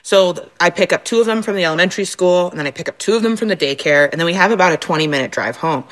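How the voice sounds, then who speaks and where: A woman on a talk show, a mother sharing stories about her children in a chatty, animated way. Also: on the low side, very fast, poor audio. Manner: animated, acts out her kids' voices. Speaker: guest mother. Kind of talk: casual chat.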